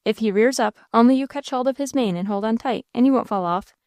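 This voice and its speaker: A woman reading an audiobook voices a rough, bullying country man who speaks in a coarse rural dialect and taunts coolly. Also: on the high side, brisk, a little mellow, no room sound, studio quality, close to an everyday voice. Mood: taunting. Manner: cool, taunting.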